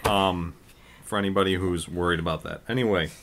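With a deep voice and fairly even intonation, this male podcast co-host rambles casually, restarting often and leaning on fillers. He speaks a little fast against a noisy background.

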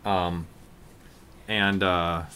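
On a podcast, a male co-host chats casually, rambling with plenty of fillers and restarts. His deep voice holds a level tone but sounds pushed and bright, he speaks extremely slowly, and there's slight background noise.

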